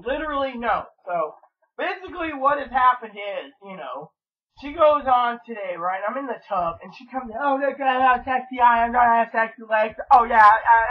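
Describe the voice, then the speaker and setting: Vlog host, male, high husky voice, rambling and fed up, lo-fi recording. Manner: rambling, frustrated, swears freely. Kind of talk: casual rambling chat.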